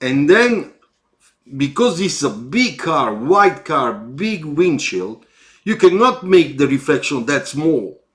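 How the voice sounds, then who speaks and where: A man with an Italian accent critiques sketches live and takes his time over each word, stopping and restarting as he thinks. His voice sits a little high for a man, and he encourages as he corrects. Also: big pitch swings, fairly bright tone. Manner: slow, halting, encouraging teacher. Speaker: car designer giving sketch feedback.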